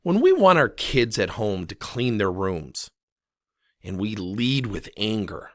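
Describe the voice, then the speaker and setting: Male leadership trainer, lively swooping delivery, dry close sound, story-driven coaching talk. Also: on the low side, takes it slowly, no room sound. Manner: animated, retells conversations with quoted dialogue.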